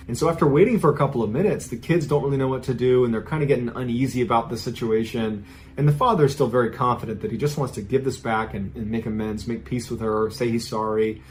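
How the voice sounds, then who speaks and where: A man's voice: mid-range voice, a little mellow. Male podcast host, casual storyteller, builds suspense in a conversational tone.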